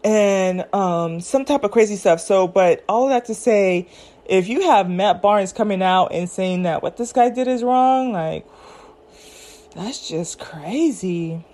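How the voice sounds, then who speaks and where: A chatty woman talking at an everyday pitch and hosting a casual commentary show. She rambles, piles on fillers and keeps correcting herself mid-sentence as she talks things over with her listeners. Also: takes it slowly, dark tone. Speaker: podcast host. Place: at home, eating snacks.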